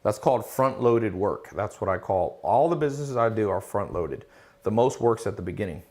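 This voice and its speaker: A man's voice: on the low side, animated, moderate pace, a little mellow. Confident man hosting a casual Q&A. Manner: confident, emphatic, lecturing with rhetorical questions; reads out chat questions, then answers. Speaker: host answering viewer questions. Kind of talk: casual live Q&A chat.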